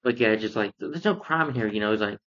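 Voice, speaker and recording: A man's voice: on the low side, expressive, fast, fairly bright tone. Rambling male film reviewer, lo-fi sound. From lives in Georgia, US. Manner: rambling, filler-heavy retelling of the plot. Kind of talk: casual spoken film review.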